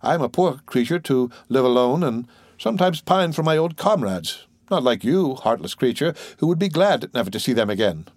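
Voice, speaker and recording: A man's voice: mid-range voice, expressive, normal speed, darkish tone, no echo, studio quality, close to an everyday voice. A man voicing a sly, greedy fifty-year-old ex-convict. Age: 50s. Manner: wheedling, sly, grasping.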